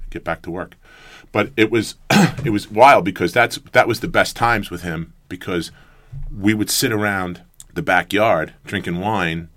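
A low-voiced middle-aged man spins long, rambling stories as an interview guest. He strings clauses together with lots of fillers and acts out what others said. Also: a bit bright. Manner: rambling anecdotes with quoted voices and many fillers. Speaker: interview guest, former player. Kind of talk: storytelling in casual chat.

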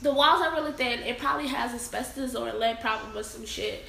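A woman from the Chicago area telling an animated, profane story in a casual group chat and laughing often. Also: on the high side, brisk, vocal fry. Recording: roomy echo, faint room noise.

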